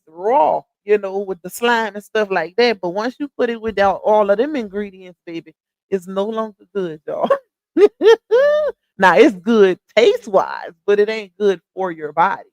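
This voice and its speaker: A woman's voice: medium pitch, darkish tone, dry recording. A young woman with a Louisiana Southern accent, chatting casually with her livestream viewers and laughing often. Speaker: livestream host.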